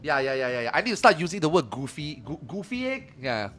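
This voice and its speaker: A man in his forties chatting casually on a live stream, animated and laughing as he mocks slang. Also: a little high, fast, soft background music. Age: 40s. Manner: animated, laughing, mocking slang in comic voices.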